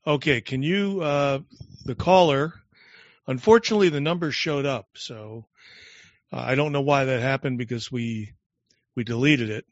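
A man hosting a call-in show, brisk as he manages callers and reads out questions. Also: mid-range voice, dry recording. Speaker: host. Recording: dry, dull lo-fi audio.

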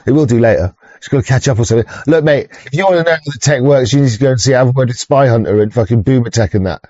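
This livestream host talks very fast in a dark, mid-range voice, and the audio is lo-fi with no echo. He rambles casually, cursing a lot, restarting himself and laughing as he says hi to viewers.

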